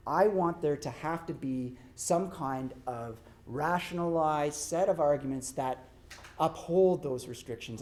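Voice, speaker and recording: A middle-aged law professor gives a public academic lecture in a conversational style, often checking in with the audience by asking "right?". His voice is fairly high in pitch and a little mellow.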